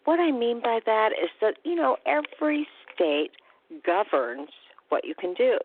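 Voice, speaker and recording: A woman's voice: fairly high pitch, big pitch swings, unhurried, slight background noise. A woman hosting a radio talk show as a recovery coach, chatty and upbeat, with casual fillers. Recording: tinny phone-line sound, dry.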